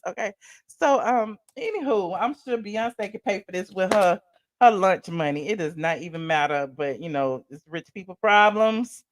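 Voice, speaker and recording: A woman hosting a casual live-stream commentary, animated and excitable, chatting with her viewers in asides. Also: on the low side, moderate pace, no room sound, clean studio sound. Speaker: commentary channel host.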